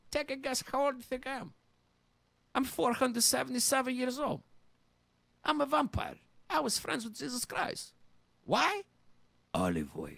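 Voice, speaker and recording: A man playing a loud, boastful, middle-aged Greek immigrant dad with a Greek accent and broken English, ranting as a comedy podcast host. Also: high voice, creaky, no echo, heavily acted. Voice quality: brash, shouty, broken English. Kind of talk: comedic character monologue.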